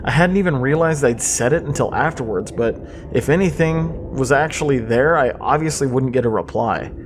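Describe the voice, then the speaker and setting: Man narrating a horror story, faint hiss. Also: mid-range voice. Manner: measured, suspenseful storytelling. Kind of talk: scripted creepypasta narration.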